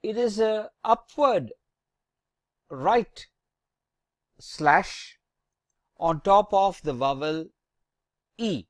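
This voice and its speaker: This French teacher talks very slowly and carefully, drawing out each letter as they spell it. The voice rises and falls in a lively way, and the recording sounds dry and close. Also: mid-range voice, no echo. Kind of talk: slow, deliberate language lesson.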